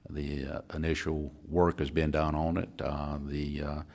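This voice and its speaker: A man giving a county official's report at a public meeting, measured and pausing often with "uh". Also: a bass voice, level tone, darkish tone. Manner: measured, with many "uh" pauses.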